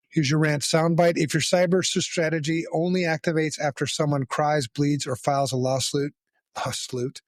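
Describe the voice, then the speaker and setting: A man's voice: medium pitch, no room sound. A man co-hosting a casual podcast, joking around and swearing freely. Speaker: podcast co-host.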